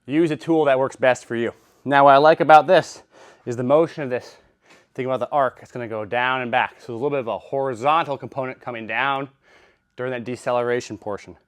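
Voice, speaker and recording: A man's voice: medium pitch, steady tone, quick pace, clear, resonant tone, no echo, studio quality. A man in a gym, out of breath between sets, puffing as he casually explains how he uses a training machine. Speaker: fitness vlogger. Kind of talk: casual workout demonstration.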